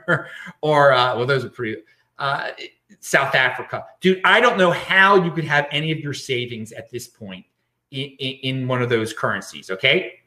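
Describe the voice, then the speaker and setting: A man's voice: medium pitch, bright, forceful tone. A man hosting a live-stream show, talking bluntly and emphatically, with many stumbling restarts as he reads chat questions. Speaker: show host. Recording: echoey room.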